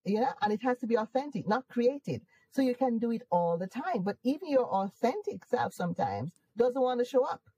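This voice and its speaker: A woman's voice: fairly high pitch, lively intonation, fairly quick, hardly any pauses, dark tone, slightly rough, lo-fi sound. A woman with a Jamaican accent, a guest in an interview, who talks emphatically and upbeat and laughs often. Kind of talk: casual conversational interview.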